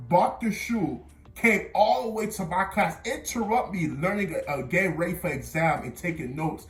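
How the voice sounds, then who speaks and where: A young man telling a casual storytime, animated and stammering, with sudden loud bursts as he recounts. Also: sits high, moderate pace. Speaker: vlogger. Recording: roomy echo with faint music.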